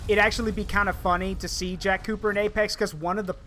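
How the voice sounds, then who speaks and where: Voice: medium pitch, little pitch movement, fast talker, a bit bright, slight background noise. A stream host chatting casually while gaming, rambling and repeating points. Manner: rambling, repeats points, talks about game villains at length.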